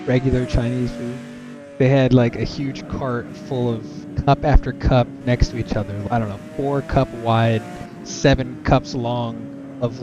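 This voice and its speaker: A young man telling a rambling, exasperated personal story as a vlogger. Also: mid-range voice. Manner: exasperated, rambling, many fillers. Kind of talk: casual storytelling rant. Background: music.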